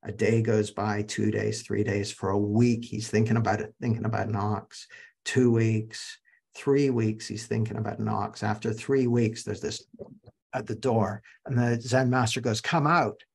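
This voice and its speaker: Gravelly-voiced man telling stories in a masterclass. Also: lowish voice, level tone, normal speed, darkish tone. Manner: anecdotal storyteller, addresses audience directly. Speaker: masterclass speaker. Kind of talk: live online teaching talk.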